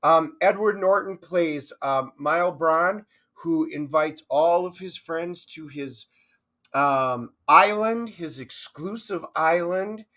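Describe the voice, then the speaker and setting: Blunt man with a higher voice. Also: slow, sharp tone. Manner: brief interjections and blunt opinions. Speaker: movie review podcast co-host. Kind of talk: casual conversational movie review.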